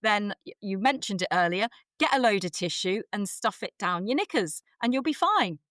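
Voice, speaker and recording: A woman's voice: medium pitch, normal speed, no echo, studio quality. A woman in her forties, a guest actress telling self-deprecating stories in casual chat with plenty of fillers. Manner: self-deprecating, animated storytelling with frequent fillers.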